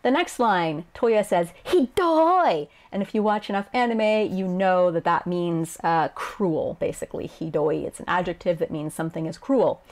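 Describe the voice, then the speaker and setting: A chatty woman with a slightly low voice talks through translation choices in a relaxed video lesson. She laughs often and slips into playful voices for quoted lines. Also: normal speed, hardly any pauses. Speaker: Japanese game translator. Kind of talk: casual explanatory video lesson.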